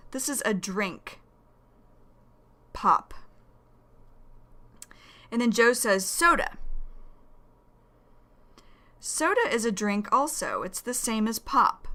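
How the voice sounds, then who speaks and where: A woman from the United States teaching English vocabulary, speaking deliberately and repeating key words for learners. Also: fairly high pitch, pushed and bright. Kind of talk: slow explanatory vocabulary lesson.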